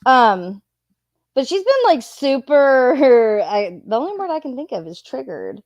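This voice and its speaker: A woman's voice: sits high, very animated, a little slow, darkish tone, no room sound, highs cut off. Chatty laughing woman streamer. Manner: laughs often, profane and chatty. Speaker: streamer reviewing a video. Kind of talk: casual commentary.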